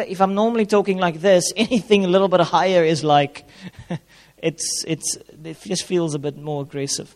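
A man's voice: sits high, normal speed. A man giving an informal sermon on marriage as a pastor, conversational and plain-spoken, repeating key phrases. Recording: long hall reverb.

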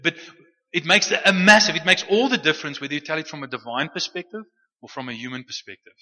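A man's voice: a little high, quick pace, pushed and bright. A man preaching a sermon in a conversational way, often restarting and repeating words. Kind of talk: sermon teaching. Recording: muffled sound with long hall reverb.

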